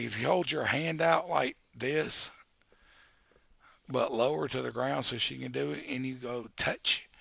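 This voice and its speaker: A man's voice: medium pitch, creaky, a bit bright, husky. A man in his forties chatting casually on a live stream through a headset, rambling and joking. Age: 40s. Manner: rambling and joking, with baby talk to his dog.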